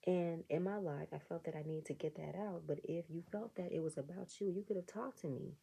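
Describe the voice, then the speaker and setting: A woman with a low, dark voice reviews a reality show episode in a relaxed, chatty way. A gravelly fry runs through her speech. She often breaks into sarcastic asides and acts out the reactions of the people she is describing. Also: brisk, low-quality recording. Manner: animated, sarcastic commentary with mock quoted reactions. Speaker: reality TV recap vlogger.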